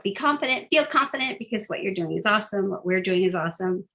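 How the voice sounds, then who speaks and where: A woman's voice: medium pitch, lively intonation, quick pace, sharp tone. A woman giving a casual, upbeat phone-skills training talk, chatty and full of fillers.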